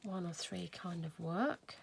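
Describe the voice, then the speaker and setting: Woman, gravelly voice, chatty crafting tutorial, muttered asides, faint hiss. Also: on the low side, measured pace. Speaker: craft video host. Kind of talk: casual crafting tutorial chat.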